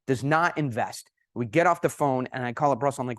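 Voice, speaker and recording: A man giving a conference presentation, telling anecdotes in an animated, emphatic way. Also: mid-range voice, a little fast, few pauses, no echo, clean studio sound. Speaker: conference speaker. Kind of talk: presentation with storytelling.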